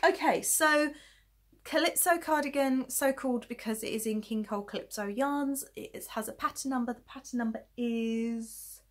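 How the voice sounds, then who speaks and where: A woman's voice: a little high, normal speed. Chatty, tired woman talking knitting. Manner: chatty and rambling, self-deprecating, giggly. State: tired, yawning late at night. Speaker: knitting podcast host. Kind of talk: casual chat showing knitting to camera.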